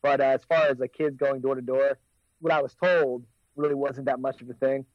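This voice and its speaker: A man's voice: mid-range voice, steady tone, brisk, dry recording, dull audio. An American man in his forties, co-hosting a casual podcast chat and rambling with lots of fillers and restarts. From United States. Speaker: podcast co-host.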